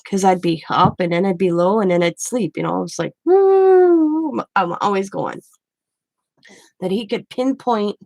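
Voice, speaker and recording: A woman's voice: lowish voice, creaky, no room sound. A middle-aged woman hosting a craft channel, chatting casually and rambling through stories while she works. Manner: rambling, storytelling with restarts.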